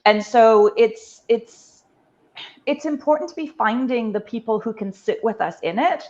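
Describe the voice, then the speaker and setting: A woman's voice: a little high, a little slow, a little mellow. A woman speaking earnestly and emphatically in a casual conversation, swearing now and then for emphasis. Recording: dull lo-fi audio.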